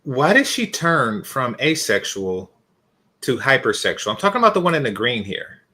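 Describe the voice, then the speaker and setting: Guy ranting in a reaction vid, bouncy pitch, bright voice, mocking and blunt. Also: big pitch swings, normal speed, slightly rough. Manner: blunt and mocking, bursting into loud shocked yelps. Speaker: reaction video host. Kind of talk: scornful reaction commentary.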